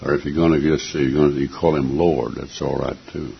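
Gravelly deep-voiced preacher man. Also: fairly even intonation, brisk, dull audio. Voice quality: gravelly, raspy. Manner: earnest, emphatic, repeats phrases for emphasis. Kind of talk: sermon.

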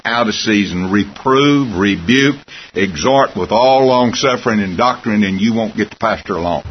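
A man's voice: fairly low pitch, dull audio, slight background noise. A man preaching a sermon in a folksy, emphatic way, with wry asides.

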